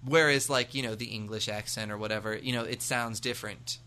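A man's voice: on the low side, steady tone, fairly quick, sharp tone, clear, resonant tone. An American man co-hosting a podcast, chatting casually in a rambling, jokey way with many fillers. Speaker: podcast co-host. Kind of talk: casual chat.

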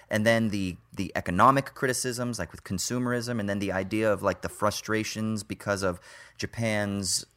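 A man on a podcast talking excitedly and analytically about a film's themes, with frequent fillers. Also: on the low side. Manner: enthusiastic, analytical, filler-heavy. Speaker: podcast co-host. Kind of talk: casual film discussion.

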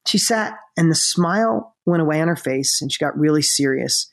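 Energetic man telling emphatic stories. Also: on the high side. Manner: energetic, emphatic storyteller who slows down for emotional moments. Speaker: guest speaker on motivation. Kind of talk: storytelling in a conversation.

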